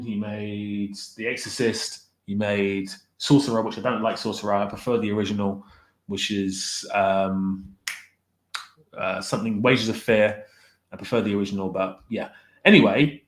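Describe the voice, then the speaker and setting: A man casually chatting on a livestream, reading the chat aloud and rambling while he corrects himself as he ranks directors. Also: fairly low pitch. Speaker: streamer ranking directors with live chat.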